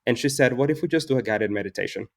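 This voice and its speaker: A flower farmer and floral designer in his forties, with a mid-range, gravelly voice and a racing pace, tells personal stories in a casual interview. He is earnest and reflective, acts out dialogue and laughs often.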